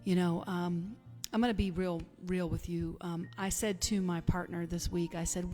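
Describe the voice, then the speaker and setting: A woman's voice: fairly low pitch, steady tone, moderate pace, darkish tone, long reverb tail, soft background music. A woman preaching an emphatic, uplifting spiritual sermon who now and then breaks into song. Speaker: spiritual minister.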